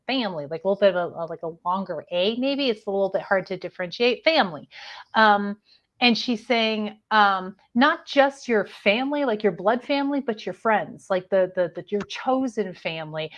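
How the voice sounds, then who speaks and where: A woman psychic medium giving a live online spiritual reading, speaking gently and hesitantly, with many fillers and restarts. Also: mid-range voice, lo-fi sound.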